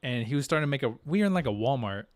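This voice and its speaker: A man's voice: mid-range voice, expressive, very fast. A young man co-hosting a podcast, telling stories in casual chat, laughing often and swearing freely in slang. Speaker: podcast co-host.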